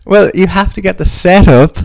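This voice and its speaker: A man's voice: high-pitched, normal speed, creaky, darkish tone, no echo, clean studio sound. A man co-hosting a casual podcast, rambling and correcting himself as he recaps a film. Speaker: podcast co-host.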